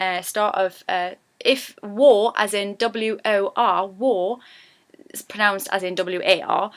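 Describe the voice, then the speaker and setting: A woman with a broad Geordie accent talks through a casual lesson in a chatty, easygoing way. Her voice is smooth and clear, sitting at an ordinary middle pitch. She turns animated whenever she acts out the example phrases. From Newcastle, England. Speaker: YouTuber teaching dialect.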